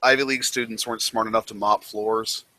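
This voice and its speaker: Deadpan, joking man co-hosting a podcast. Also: fairly low pitch, brisk, no echo. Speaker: podcast co-host. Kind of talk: casual chat.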